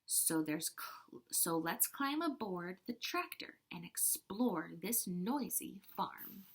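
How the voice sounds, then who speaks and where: A woman kindergarten teacher reading a picture book aloud to children, animated with soft-spoken asides. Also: mid-range voice, takes it slowly, slightly rough.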